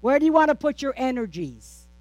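A woman's voice: high-pitched, big pitch swings, fairly quick, darkish tone, no room sound, dull audio. Playful woman preacher, dry close sound. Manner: playful, self-teasing asides and rhetorical questions; repetitive preaching cadence. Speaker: pastor. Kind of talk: sermon.

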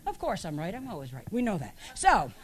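A woman's voice: mid-range voice, wildly swooping pitch, fairly quick. A woman pastor preaching an emphatic sermon in a church, asking her congregation rhetorical questions.

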